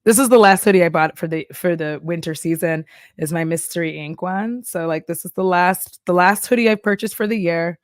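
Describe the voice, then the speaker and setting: A woman's voice: on the low side, fairly quick, dry recording, studio quality. A young adult woman from Texas, chatting casually on a live stream, laughing often and acting out little voices. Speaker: streamer reacting to a video.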